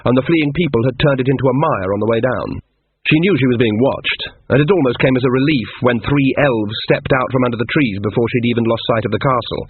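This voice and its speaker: A man reading a novel aloud as an audiobook narrator, in calm, even storytelling. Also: medium pitch, husky, no echo. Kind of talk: scripted narration. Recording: tinny phone-like, dry.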